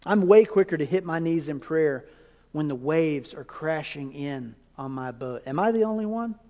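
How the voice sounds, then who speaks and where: A man's voice: fairly high pitch, animated, moderate pace, darkish tone. A man preaching a sermon as pastor, emphatic and conversational, asking his congregation rhetorical questions. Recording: long reverb of a large hall.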